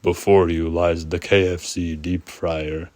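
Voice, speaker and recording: A slow, ominous horror-movie puppet killer, as a man puts him on while telling a story. The voice sits low and dark and takes its time over every word. The sound is dry and close. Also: flat delivery, no room sound.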